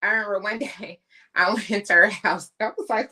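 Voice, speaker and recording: Bright, chatty woman telling stories. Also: medium pitch, steady tone, normal speed. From US West Coast. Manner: storytelling, chatty and emphatic. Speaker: podcast co-host. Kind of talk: casual podcast chat.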